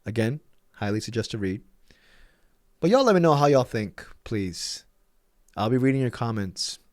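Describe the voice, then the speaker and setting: A man's voice: mid-range voice, lively intonation, moderate pace, no room sound, clean studio sound. A man hosting a sports vlog, ranting with exasperation and profanity, emphatic and fed up. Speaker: sports channel host.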